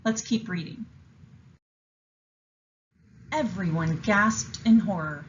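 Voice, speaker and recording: A woman teacher reading a picture book aloud with an expressive, enthusiastic delivery and explaining a writing lesson to young students. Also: mid-range voice, unhurried, pauses often, dull audio, slight background noise.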